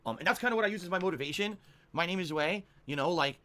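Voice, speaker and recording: A man's voice: high-pitched, expressive, quick pace, bright, forceful tone. A man streamer talking to his chat in an emphatic, defiant, rambling way. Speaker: game streamer.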